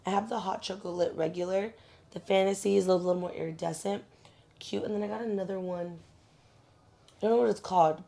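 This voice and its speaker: A young woman co-hosting a podcast, talking casually in a relaxed, chatty way with lots of fillers. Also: on the low side, gravelly. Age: young adult. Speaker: podcast co-host. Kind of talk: casual chat.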